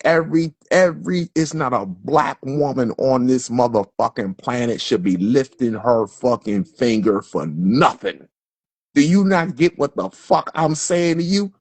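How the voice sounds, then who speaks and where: Broadcasting from Philadelphia, a male livestream host launches into a heated, profane rant, stumbling over repeated words and restarting as he builds up. His voice is mid-range, with no echo.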